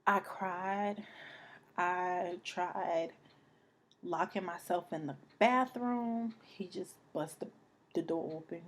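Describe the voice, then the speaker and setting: A young woman tells her own story straight to camera in an unhurried, low-pitched voice. Her delivery is halting and emotional, full of repeated phrases and restarts, and at times she drops almost to a whisper. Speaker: vlogger telling a personal story.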